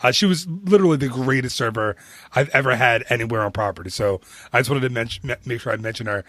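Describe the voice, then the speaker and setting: A man co-hosting a podcast, chatting casually and telling a lively story with frequent restarts. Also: medium pitch, fast talker, dry recording. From northern United States. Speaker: podcast co-host. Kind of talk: casual chat.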